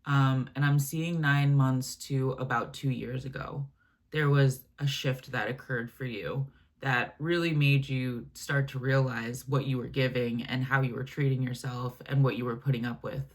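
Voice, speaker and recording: A woman giving a channeled spiritual reading, speaking gently and affectionately in a meandering way with many fillers and restarts. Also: very deep voice, fairly even intonation, moderate pace. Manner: gentle, affectionate, addresses listener as my love and baby; meandering, filler-heavy, self-correcting. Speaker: channeled message reader.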